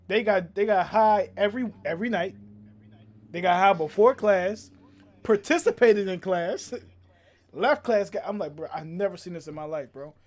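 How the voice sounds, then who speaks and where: A young man, streaming and telling animated stories in casual chat, acting out quotes and laughing often. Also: high-pitched. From Philadelphia.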